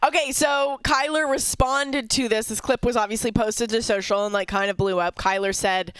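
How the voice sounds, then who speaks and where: A woman's voice: fairly high pitch, steady tone, normal speed, few pauses, fairly bright tone, smooth. A woman in her thirties hosting a sports podcast, chatting casually and laughing often. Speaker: podcast host.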